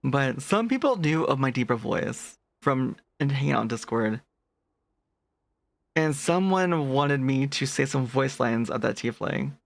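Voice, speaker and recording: Late at night, a VTuber streamer with a naturally deeper, gravelly voice chats casually with live viewers, speaking a little slowly. He is animated, laughs often, and answers chat messages as they come in.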